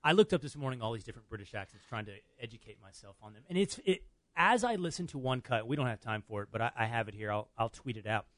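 A man hosting a radio talk show, upbeat and quick to ask questions. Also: mid-range voice, expressive, fairly bright tone, no echo. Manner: quick, upbeat, prompting questions, laughs easily. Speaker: radio host.

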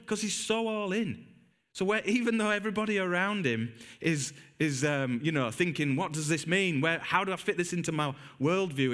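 Animated male preacher. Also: mid-range voice. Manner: animated storytelling, acts out biblical characters. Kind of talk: sermon. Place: church.

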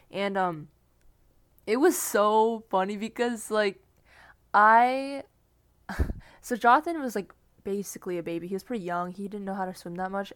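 A young woman co-hosting a podcast, telling stories in relaxed casual chat. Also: on the low side, clean tone, dry recording. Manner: relaxed storytelling with frequent laughs. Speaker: podcast co-host.

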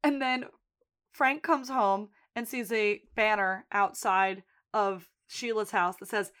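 A woman's voice: medium pitch, fairly even intonation, slow, fairly bright tone, smooth. A woman co-hosting a podcast, casually recapping a TV episode and acting out the characters' lines, with plenty of swearing. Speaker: podcast co-host.

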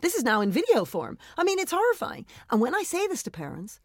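A woman headteacher, talking in an interview in an emphatic, animated way and often adding "I mean" and "right?". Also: high voice, fast, few pauses, no echo, studio quality. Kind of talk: interview conversation.

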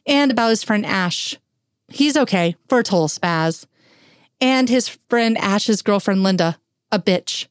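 A woman's voice: medium pitch, smooth, no room sound, studio quality. A woman narrating an audiobook in a wry, lightly humorous storytelling manner.

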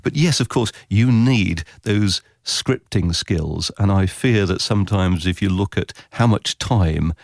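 A man explains his craft in a podcast interview, animated and quick to act out what listeners would think. His voice sits low, recorded close and dry. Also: no echo. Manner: animated, acts out listener reactions in quotes. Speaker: radio consultant and author guest.

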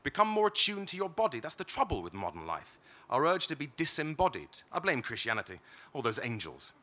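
A man's voice: on the high side, huge pitch swings, brisk, bright, forceful tone, pitched above the performer's own voice, exaggerated voice. A man reading as a curt doctor. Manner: curt, blunt. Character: brusque, disdainful male doctor.

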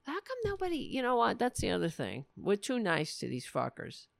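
A woman's voice: on the low side, very animated, moderate pace, vocal fry, dry recording, studio quality. A woman hosting a political livestream, ranting sarcastically with plenty of profanity and answering viewers' chat messages. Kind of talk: casual livestream commentary.

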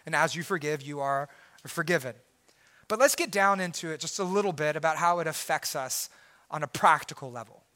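A man preaching a sermon as pastor, swinging from loud emphatic preaching to quiet, intense asides. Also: fairly high pitch, fairly quick.

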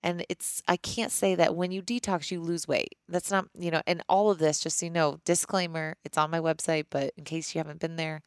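Her voice is low and resonant with a level tone, clear and brisk, with few pauses, captured in a studio with no echo. The podcast host, a woman in her thirties, answers listener questions in a casual, candid chat, rambling and often starting over.

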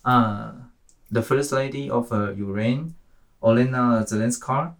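A man's voice: mid-range voice, unhurried. A man reporting the news to his teacher in a deferential, hesitant way with fillers.

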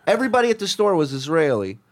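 A man in his thirties or forties telling a profane story in casual chat, deadpan, acting out the people he quotes. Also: fairly high pitch, very fast.

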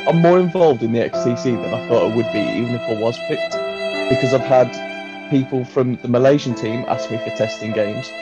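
A man's voice: mid-range voice, fairly quick, loud music behind the voice. A man co-hosting a casual podcast, joking in a wry, self-deprecating way. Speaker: podcast co-host.

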